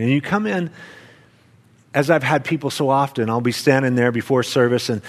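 A man, a pastor, preaching a sermon in church in an animated, storytelling way, acting out quoted voices. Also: fairly high pitch, a little fast.

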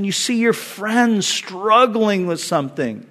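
A man's voice: sits high, lively intonation, normal speed, few pauses, fairly bright tone. A man preaching a conversational sermon as a pastor, earnest and acting out the voices he quotes.

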